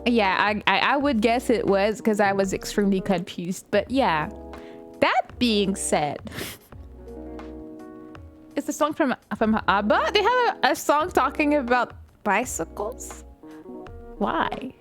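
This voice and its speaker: Young woman streamer, high voice, giggly and excitable, light music underneath. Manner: excitable, laughs often, shrieks at game moments. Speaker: live streamer. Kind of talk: casual chat while playing a game with viewers.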